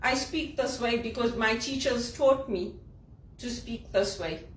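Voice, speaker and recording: A woman's voice: a little high, unhurried, far from the mic. Indignant Zimbabwean woman, echoey room. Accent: Zimbabwean English, trained elocution. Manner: impassioned, indignant, rhetorical questions. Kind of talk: personal monologue vlog.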